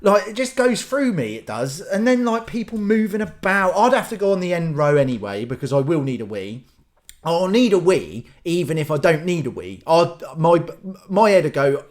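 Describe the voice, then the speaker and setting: A man's voice: a little high, expressive, moderate pace. A young man ranting casually in a solo vlog, rambling and acting out little scenes in silly voices. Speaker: vlogger.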